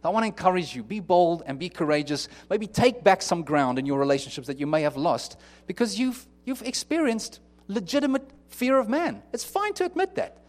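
A man's voice: high voice, animated, brisk, hardly any pauses. A man with a slightly raised voice preaches a sermon. He talks earnestly and conversationally, often restarting his sentences and acting out what people might say. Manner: earnest, conversational, with many restarts and acted-out quotes. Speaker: pastor.

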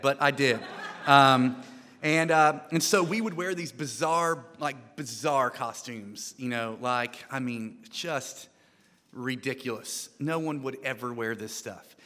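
Brief: American man, guest preacher, bright forceful tone, chatty sermon full of restarts, long hall reverb. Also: mid-range voice. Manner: conversational, animated, frequent restarts and repeated words. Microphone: microphone.

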